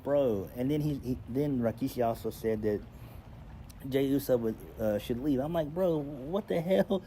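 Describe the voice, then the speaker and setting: Blunt, low-voiced male wrestling reviewer. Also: mellow, slight background noise. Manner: blunt, exasperated, swears casually. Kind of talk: casual solo review vlog.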